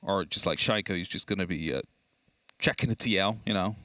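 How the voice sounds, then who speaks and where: A young man casting an esports match, chatty and energetic, laughing easily. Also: deep voice, a little fast, dry recording. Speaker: esports caster. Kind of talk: esports commentary.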